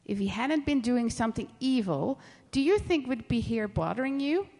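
A woman voicing an angry crowd of accusers in a scripture reading, loud and insistent. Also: a little high, animated, moderate pace, in a large hall, voice pushed up.

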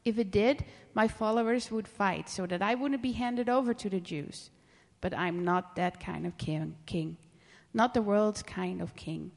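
A woman voicing a calm, steady man on trial in a scripture reading, speaking in a measured way. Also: medium pitch, gravelly, big-room sound.

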